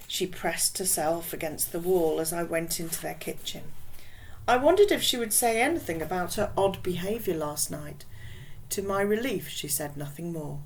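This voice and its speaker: A woman's voice: lowish voice, animated, moderate pace, slight background noise, poor audio. Woman reading a children's novel. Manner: casual, chatty. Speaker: reader.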